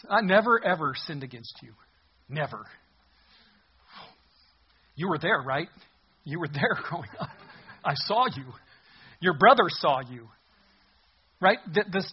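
A man preaching with a husky, somewhat high voice, lively and animated, acting out the voices in the passage. The recording sounds a little dull and muffled. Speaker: pastor. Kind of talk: sermon.

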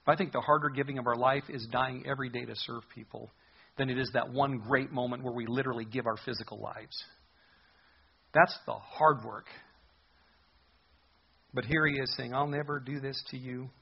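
A man's voice: mid-range voice, steady tone, moderate pace, gravelly, pauses often, husky, lo-fi sound. A man preaching a sermon as a pastor, earnest and conversational in his delivery.

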